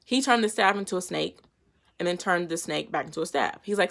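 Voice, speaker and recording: A woman's voice: lowish voice, fairly quick, vocal fry, fairly bright tone. A woman giving a casual, slangy Bible lesson to her viewers and retelling scripture in everyday talk. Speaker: faith vlogger teaching a Bible lesson.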